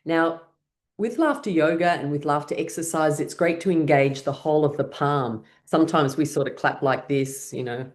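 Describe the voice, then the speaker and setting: A woman's voice: low voice, normal speed. A woman leading an online laughter yoga class, coaxing people through breathing, shaking and clapping, and breaking into rhythmic laughter herself. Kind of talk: guided laughter exercise class. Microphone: online class, video call.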